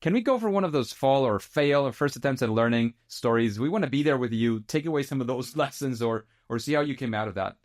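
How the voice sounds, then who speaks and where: A man hosting a podcast, asking relaxed, curious interview questions. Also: mid-range voice, quick pace, few pauses. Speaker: podcast host.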